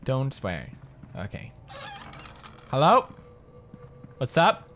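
A man's voice: medium pitch, wildly swooping pitch, drawn-out words, fairly bright tone. Jokey man swearing over a horror game. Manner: jokey, swears a lot, swings from mutters to frightened yelps. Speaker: gaming commentator. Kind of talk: let's play commentary.

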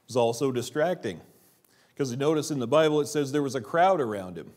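A man preaching a church sermon, asking rhetorical questions and dropping his voice low for quiet emphasis. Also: expressive, fast talker. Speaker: pastor. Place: church sanctuary.

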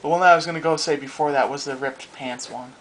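A man's voice: a little high, steady tone, quick pace, fairly bright tone, rough recording. A young man chatting casually while drawing, playful and jokey, often quoting cartoons. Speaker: co-host drawing on video.

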